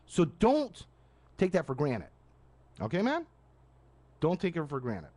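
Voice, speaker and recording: Male radio host, late-night live rant, animated pitch, casual and rambling. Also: a little slow. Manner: animated, casual, frequent restarts and asides. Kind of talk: live ranting monologue. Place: live stream studio at night.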